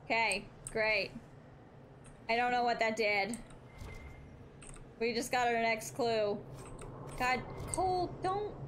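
A woman's voice: fairly high pitch, level tone, slow pace, pauses often, fairly bright tone, slight background noise. A young woman streaming a game, chatting with her viewers, swearing freely and reading in-game text aloud. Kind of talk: live gameplay commentary.

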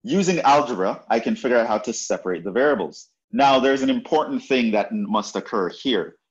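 A man's voice: mid-range voice, animated, a little fast, highs cut off. A man lecturing on math, explaining step by step and often checking in with "right?". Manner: explanatory, repeats points, frequent "right?" checks. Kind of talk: university lecture.

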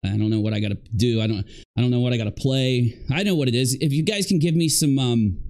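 A man live streaming commentary, lively and emphatic, who repeats himself for stress. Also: mid-range voice, quick pace.

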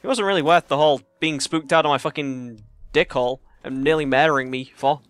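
A young man chatting casually and profanely while playing a game in his cramped bedroom, rambling and jokey, yelling in a panic when enemies attack. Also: fairly high pitch, steady tone, a little fast, clean tone, no echo. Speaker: let's play gamer. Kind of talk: casual gameplay commentary.

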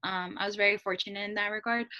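A woman's voice: medium pitch, fairly even intonation, fast talker, pushed and bright, highs cut off. A woman chatting casually, thoughtful, often checking in with "right?". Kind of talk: casual chat.

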